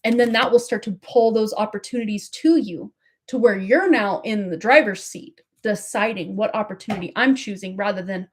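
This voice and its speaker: A woman's voice: medium pitch, normal speed, husky. A woman giving a live tarot reading in a chatty, rambling way, laughing often. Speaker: tarot reader.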